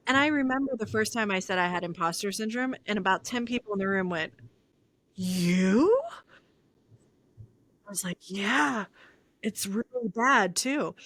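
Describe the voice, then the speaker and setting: A woman's voice: mid-range voice, no room sound. A woman in her thirties hosting a podcast, talking in a reflective, conversational way and acting out her inner voices as she tells stories. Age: 30s. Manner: reflective, animated storytelling with quoted inner voices. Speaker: podcast host.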